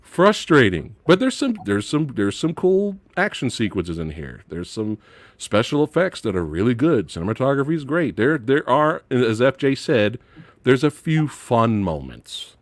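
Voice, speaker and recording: A man co-hosting a casual movie review chat, ranting with animated delivery and mocking impressions. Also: mid-range voice, normal speed, no echo. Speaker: podcast co-host.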